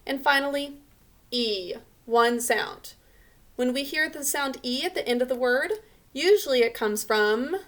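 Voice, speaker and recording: A woman teacher giving a recorded spelling lesson, patiently sounding out each syllable and letter sound. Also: a little high.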